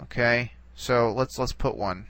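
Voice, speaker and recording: A man's voice: medium pitch, measured pace, fairly bright tone, clean tone, no room sound, poor audio. A man teaching a recorded lesson, explaining step by step and often checking in with "okay?" while he types on screen, trailing off and repeating words as he works.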